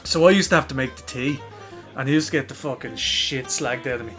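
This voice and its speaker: A young man with a Dublin accent telling a rambling, animated story in casual podcast chat, swearing freely and acting out other people's lines. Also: medium pitch, fast, soft background music. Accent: Irish, Dublin. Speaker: podcast co-host.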